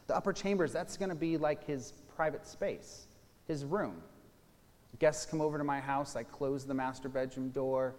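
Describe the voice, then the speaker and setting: A man's voice: mid-range voice, normal speed, darkish tone. A man preaching a sermon, teaching casually and a little self-deprecating, then reading scripture aloud with emphasis. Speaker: pastor. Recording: long hall reverb.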